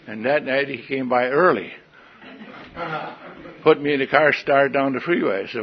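Older man, gravelly voice, folksy humorous testimony, meeting hall, dull lo-fi recording. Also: medium pitch, normal speed, long pauses. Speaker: recovery meeting speaker. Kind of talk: personal testimony storytelling.

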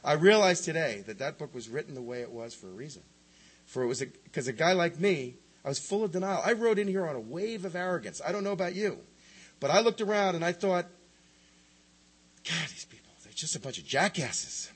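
Husky, animated man sharing his recovery story. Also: on the high side, fast, poor audio. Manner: animated, emphatic storytelling with big swings. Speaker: recovery meeting speaker. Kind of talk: personal recovery talk.

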